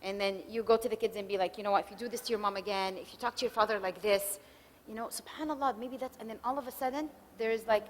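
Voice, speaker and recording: A middle-aged woman giving a conversational marriage workshop talk, acting out spouses' lines as quick examples. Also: medium pitch, slight background noise. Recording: reverberant hall recording.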